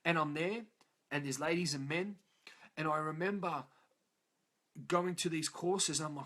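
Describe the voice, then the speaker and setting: Guy with a high voice swearing his way through his life story, real emphatic. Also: normal speed, long pauses, a bit bright. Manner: blunt, profane, emphatic storytelling. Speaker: motivational speaker. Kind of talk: personal life story to an audience.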